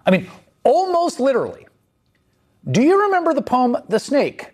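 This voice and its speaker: A man's voice: extremely high pitch, huge pitch swings, moderate pace. A man hosting a news show, delivering scripted political commentary in a sardonic, emphatic way.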